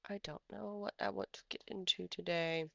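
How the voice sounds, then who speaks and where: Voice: mid-range voice, fairly even intonation, normal speed, gravelly, sharp tone, no room sound, dull audio. A livestream host giving casual stock trading commentary, rambling and thinking aloud while pulling up charts. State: has the hiccups.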